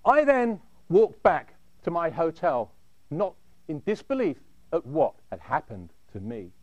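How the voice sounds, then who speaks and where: A man telling a dramatic first-person story in a measured way, dropping low at the end of his phrases. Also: big pitch swings, a little mellow, dry recording, muffled recording.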